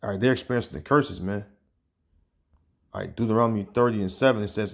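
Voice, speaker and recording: A man's voice: fairly low pitch, creaky. A man giving informal religious teaching, talking loosely with many fillers and reading passages aloud as he searches for them. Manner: casual, peppered with "man" and "all right"; reads scripture and news aloud, pausing to search. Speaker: online preacher.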